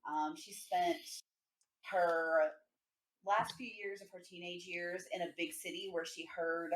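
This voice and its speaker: A woman's voice: on the low side, steady tone, a little slow. A woman introducing her character as a player, hesitant with many ums. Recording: roomy echo.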